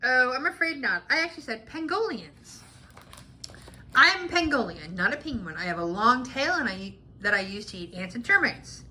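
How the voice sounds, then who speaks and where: A woman's voice: a little high, big pitch swings, normal speed, sharp tone, full character voice. A woman voicing a chatty pangolin who patiently explains and corrects everyone, reading a storybook aloud. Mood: explaining. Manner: explains and corrects others firmly.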